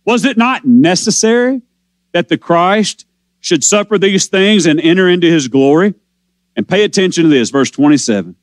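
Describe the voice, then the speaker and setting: A man preaching a sermon, explaining scripture with rising passion and drawn-out quotes. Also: high-pitched, lively intonation, dry recording. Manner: impassioned preaching, slows and swells on scripture quotes.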